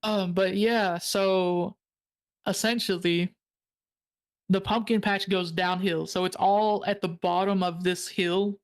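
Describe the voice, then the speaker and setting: A young woman, a guest on a stream, chatting casually and telling stories in a relaxed way. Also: mid-range voice, slow. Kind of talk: casual chat.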